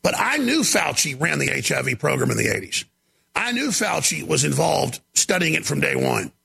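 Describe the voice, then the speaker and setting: A man hosting a talk show, delivering an emphatic, ranting monologue with a gravelly voice. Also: a little high, sing-song, moderate pace. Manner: gravelly, shouting, emphatic rants.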